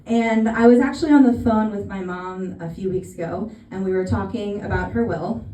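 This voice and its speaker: A woman in her thirties from California, with an American accent, performs stand-up comedy on stage, landing dry, self-deprecating punchlines. Her medium-pitched voice is warm and moderately paced, captured from a distance in an echoey room.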